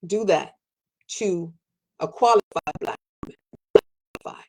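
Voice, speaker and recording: A woman giving an emphatic personal monologue as a podcast host, repeating phrases for weight and jumping sharply up in pitch when stirred. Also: slow pace, a little mellow. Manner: fiery, repetitive, preacherly emphasis with sudden pitch jumps.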